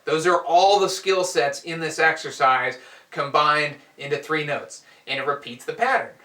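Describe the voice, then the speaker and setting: A man teaching a drum lesson, explaining strokes in a relaxed way and counting aloud as he demonstrates. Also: on the high side, normal speed. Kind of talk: instructional explanation. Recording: echoey room, heard from a distance.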